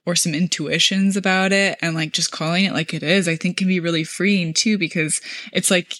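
A young adult woman guest on a casual podcast, speaking in a thoughtful, gentle way with lots of "like" and easy laughter. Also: on the low side, steady tone, a little fast, no room sound, clean studio sound. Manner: thoughtful, gentle, many "like" fillers, laughs easily. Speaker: podcast guest, social media manager. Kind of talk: casual conversational interview.

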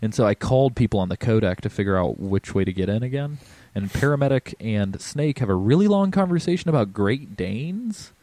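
A man's voice: on the low side, animated, a little fast, dark tone, no room sound. A man hosting a casual podcast, rambling with lots of ums and swearing freely. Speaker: podcast host.

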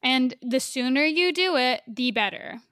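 A woman's voice: high voice, expressive, unhurried, a bit bright, clear, resonant tone, dry recording, clean studio sound. A young woman co-hosting a podcast, talking bluntly and casually, swearing offhandedly. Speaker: podcast co-host. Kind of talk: casual chat.

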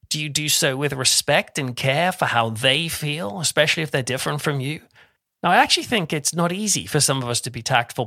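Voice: mid-range voice, bright, forceful tone, no echo, studio quality. A YouTuber giving a conversational reflection on a Bible passage, chatty and informal with asides and restarts.

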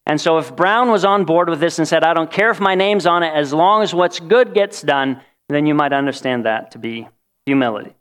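A man giving a conversational Bible teaching who puts questions to his listeners and acts out short quoted lines. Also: fairly high pitch. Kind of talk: teaching talk on scripture.

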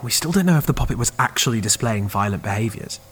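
A wry technician, played by a man, full of dry, quick asides. His husky voice swings widely in pitch. Faint music plays under him in this audio drama. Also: expressive.

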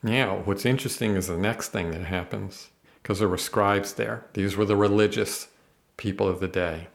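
A man's voice: on the low side, fairly even intonation, normal speed, gravelly. A man teaching the Bible on a podcast, earnest and emphatic, reading verses aloud and explaining them.

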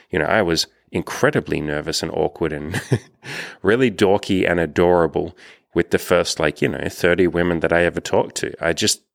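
A man's voice: sits low, creaky, no room sound, clean studio sound. A young man coaching on dating, talking in a rambling, self-deprecating way and swearing freely. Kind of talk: casual coaching monologue.

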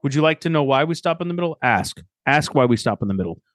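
A man in his thirties co-hosts a podcast, casually chatting and telling jokey stories in which he acts out what others said. His voice runs on the high side with lively intonation and a quick pace, and the recording has no echo.

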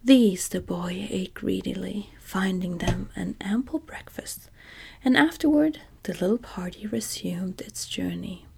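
A woman reading a children's fantasy story aloud in a whispered role-play, soft and even. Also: mid-range voice, measured pace, gravelly, slight background noise.

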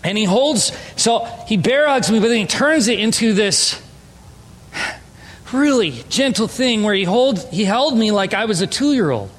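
A man's voice: high voice, animated, unhurried. A man preaching an emphatic, story-driven sermon as a pastor. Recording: long hall reverb.

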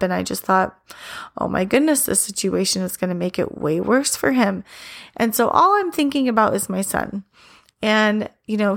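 A woman's voice: mid-range voice, creaky. A woman in her thirties, host of a mom tips show, giving an earnest, encouraging faith talk in a rambling way with many fillers, her voice slightly worn. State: losing her voice a little.

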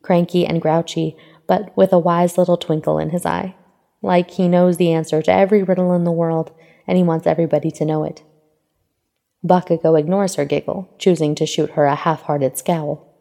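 A woman narrates fan fiction in a steady, even manner. Her voice sits low with a gravelly fry and a mellow tone. A long reverb trails behind her. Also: normal speed.

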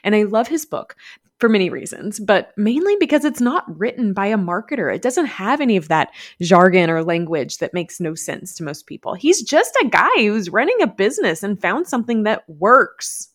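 A woman's voice: mid-range voice, sing-song, normal speed. A woman with a Southern US accent hosting a podcast, talking chattily and upbeat and laughing often. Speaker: podcast host. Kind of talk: podcast monologue.

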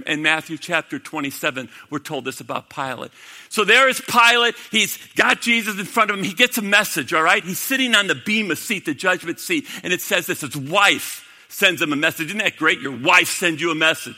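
A man preaching a sermon to a congregation, dramatic, swinging from loud to hushed. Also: high-pitched. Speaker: pastor. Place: church sanctuary. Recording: long hall reverb.

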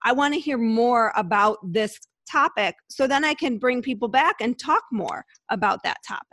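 A woman chatting casually about her podcast, with animated storytelling and lively quoted asides. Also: on the high side, moderate pace, no room sound. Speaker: podcast host and guest. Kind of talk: casual conversation.

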